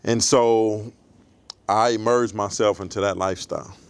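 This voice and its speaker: A man in his forties, a guest in an interview, telling his life story in a measured, reflective way. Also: on the low side, fairly even intonation, smooth, dry recording.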